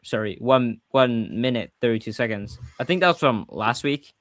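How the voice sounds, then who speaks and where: A podcast host with a Swedish accent chats loosely on a livestream, often fixing his words partway through a sentence. He has a medium-pitched, slightly bright voice at normal speed. The recording carries no room sound.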